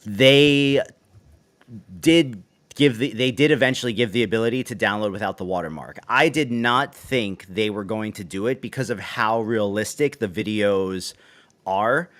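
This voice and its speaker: Low-voiced man hosting a casual stream. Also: normal speed. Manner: rambling, self-correcting, soft asides. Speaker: show host. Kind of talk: casual livestream chat. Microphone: webcam setup on a video call.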